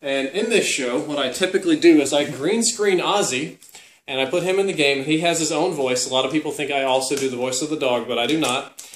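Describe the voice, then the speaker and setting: A young man answering viewer questions in casual chat to camera. He is upbeat and breaks off now and then to talk softly to his dog. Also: a little high, a little fast. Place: room at home. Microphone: camera held by his wife. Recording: echoey room.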